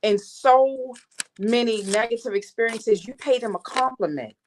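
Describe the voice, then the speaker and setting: Female coach guest, slightly high voice, earnest and sincere. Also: moderate pace, a little hiss or hum. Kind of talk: casual chat.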